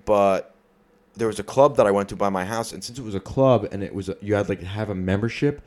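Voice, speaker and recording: A man with a New York accent, co-hosting a podcast and telling profane, animated bar stories in casual chat. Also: on the low side, fast talker. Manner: profane, animated storyteller, acts out rowdy drunks. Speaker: podcast co-host.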